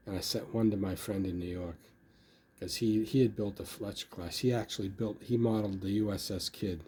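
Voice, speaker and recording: Low, mellow older man rambling about his hobby. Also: steady tone, brisk, a little hiss or hum. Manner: rambling, full of "you know" fillers. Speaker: model builder. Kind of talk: casual hobby video talk.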